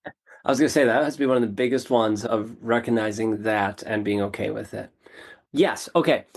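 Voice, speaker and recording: A man, a podcast guest, telling a personal story in a casual interview, animated and self-deprecating, repeating phrases for emphasis. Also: fairly low pitch, brisk.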